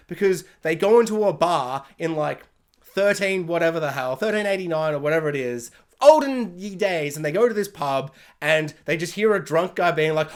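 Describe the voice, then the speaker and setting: A man ranting casually in a show review, excitable and rambling with lots of fillers. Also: sits high, fairly quick.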